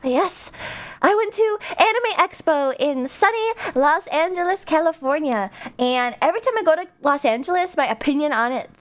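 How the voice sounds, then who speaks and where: Bubbly high-voiced woman streamer. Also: lively intonation. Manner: bubbly, rambling, quick asides and giggles. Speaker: VTuber streamer. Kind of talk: casual chat with stream viewers.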